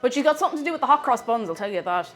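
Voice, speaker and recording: A woman's voice: on the high side, expressive, racing, faint music behind. A woman streaming herself baking, chatting casually and greeting viewers by name. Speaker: baking livestreamer. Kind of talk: casual chat while baking.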